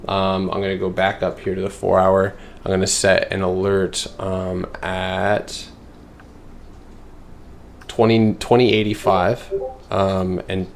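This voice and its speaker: Casual man with a low voice. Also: level tone, slow pace, vocal fry, a little hiss or hum. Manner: loose, filler-heavy, answers chat. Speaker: stock trading streamer. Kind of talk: casual livestream chart analysis.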